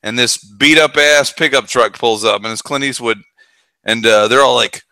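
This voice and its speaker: Bright-voiced man retelling movie scenes. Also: mid-range voice, normal speed, no room sound, rough recording. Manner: animated retelling of scenes, voicing the characters. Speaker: podcast co-host. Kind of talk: casual movie rant.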